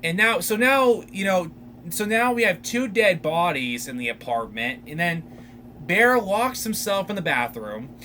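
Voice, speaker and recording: Young male podcast host with a high voice, unhurried, rambling and excitable as he recaps a movie. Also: slight background noise. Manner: animated, rambling retelling with many fillers. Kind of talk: casual solo film recap.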